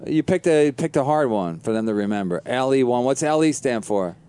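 A man's voice: mid-range voice, animated, dark tone, clear, resonant tone. A man hosting a podcast and trading blunt, swearing jokes in crude casual banter. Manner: blunt, swearing, quick jokey jabs. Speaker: podcast host and comedian.

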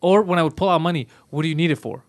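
A man's voice: fairly high pitch, very fast. A man, a podcast co-host telling a story in casual, profane chat.

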